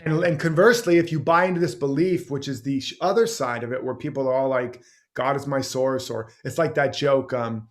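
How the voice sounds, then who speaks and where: A man's voice: mid-range voice, brisk. A man being interviewed as a guest teacher, talking passionately and rambling through stories and examples. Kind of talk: conversational interview.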